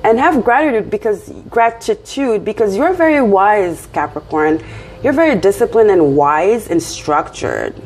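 A woman's voice: mid-range voice, lively intonation, a little slow, darkish tone, a little hiss or hum. A woman with a French accent giving a casual tarot reading, encouraging and often checking in with her listener. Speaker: tarot reader.

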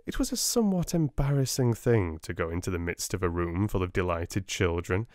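A man with a British accent reading a classic novel aloud in a gentle, soft-spoken audiobook style. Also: sits low, expressive, fairly quick, no room sound, studio quality. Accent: British English. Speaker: audiobook reader.

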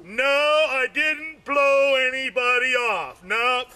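A man telling loose, rambling stand-up jokes, adding "man" to nearly every line and breaking into shouts on the punchlines. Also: very high voice, steady tone, takes it slowly. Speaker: amateur comedian.

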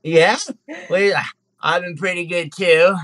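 A man's voice: sits high, slow, no room sound, voice pushed up. A man doing a gushing, lovestruck little monkey. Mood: boastful. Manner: gushing, excitable, bragging. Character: lovestruck little male white monkey, eager and boastful.

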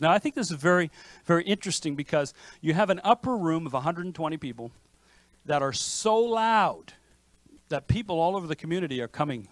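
A man preaching a sermon as pastor, in a lively conversational manner with frequent restarts. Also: on the high side, a little fast, no echo. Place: church sanctuary.

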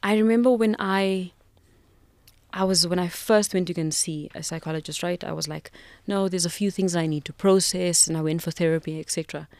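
A South African woman in her thirties with a lowish voice speaks as a podcast guest. She recounts a personal story with emotion and reflection, often restarting her sentences. The sound is dry and close to the mic. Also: fairly even intonation, a little fast, a little mellow, dry recording.

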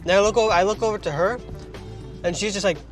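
A man's voice: sits high, fast, soft background music. A young man, vlogging from his parked car with a phone, rambling with jokey asides while he eats. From Trinidad. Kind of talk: casual car vlog while eating.

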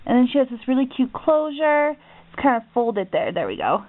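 A young woman opening a craft package on her vlog, gushing with excitement and gasping at each item. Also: high-pitched, normal speed. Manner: gushing, excitable, gasps often. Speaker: crafting vlogger. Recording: tinny phone-like audio.

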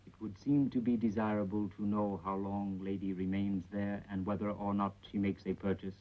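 An actor playing a watchful male agent who speaks stilted, broken English in formal proverbs, calm and sly, in 1930s film acting. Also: lowish voice, moderate pace, lightly acted, rough recording.

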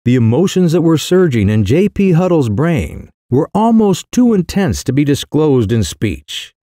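Wry, expressive male storybook narrator. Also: a little high, measured pace, no echo, clean studio sound. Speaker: audiobook narrator. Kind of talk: scripted narration of a comic short story.

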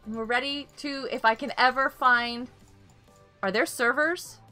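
A woman's voice: sits high, measured pace, pushed and bright, soft background music. A young woman live-streaming a game, chatting casually and giggling often as she greets viewers.

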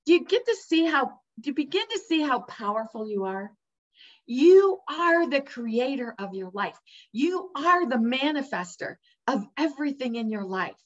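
In a fairly high, sing-song voice at normal speed, a woman gives an emphatic, upbeat motivational talk, addressing the listener directly as a coach. The audio is somewhat dull and lo-fi.

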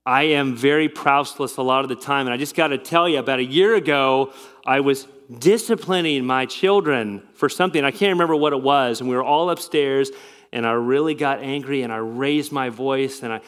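Earnest pastor preaching. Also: male voice. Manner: earnest, confessional, frequent restarts, drops soft and low for stories. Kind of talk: sermon. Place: church sanctuary.

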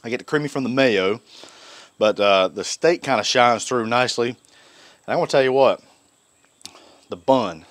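In a casual cooking vlog, a male host speaks at normal speed with long pauses, using a medium-pitched, fairly bright voice and no room sound. He comes across folksy and enthusiastic with Southern phrasing, and a griddle sizzles in the background.

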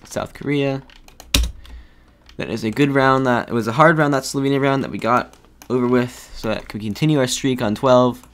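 A man's voice: medium pitch, moderate pace, a bit bright, a little hiss or hum. A man giving thinking-aloud commentary while playing a geography game, hesitant and full of restarts. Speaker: gaming video creator.

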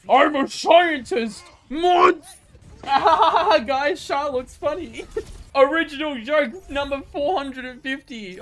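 A young man streaming a game, excitable and laughing often, swearing freely as he plays. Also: very high voice. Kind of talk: live gameplay commentary.

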